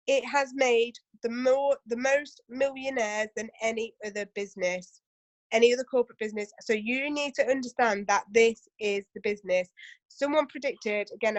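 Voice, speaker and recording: A woman's voice: a little high, no room sound. A woman running a casual training session for her team, chatty and full of asides and rhetorical questions.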